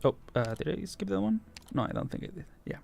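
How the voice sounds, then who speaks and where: A man's voice: high voice, very animated, fast, gravelly, a little mellow, faint music behind. A male VTuber streamer chatting casually and curiously as he reads a game story, laughing often. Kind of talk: casual livestream commentary while reading a game.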